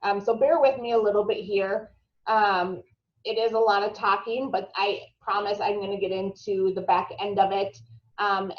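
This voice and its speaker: A woman's voice: medium pitch, reverberant, lo-fi sound. Chatty Minnesota-accented woman on a call. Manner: chatty, filler-heavy, fast-talking. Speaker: marketing trainer. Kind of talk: live video-call presentation. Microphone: video call.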